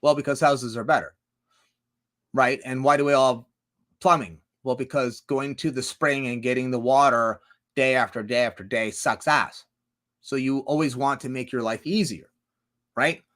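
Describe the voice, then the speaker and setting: A man's voice: medium pitch, steady tone, normal speed, a bit bright. A man rambling through a livestream monologue, swearing a lot and firing off rhetorical questions. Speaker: streamer.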